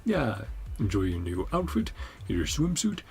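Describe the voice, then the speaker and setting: A man's voice: on the low side, wildly swooping pitch, a little slow, darkish tone, faint music behind. A man giving playful, casual reaction commentary on a game, laughing often.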